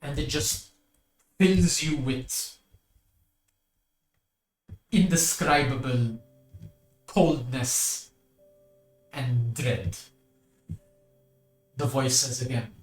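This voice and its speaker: Male game master narrating a tabletop game, unhurried, echoey room with music bed. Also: medium pitch. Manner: slow, descriptive second-person narration.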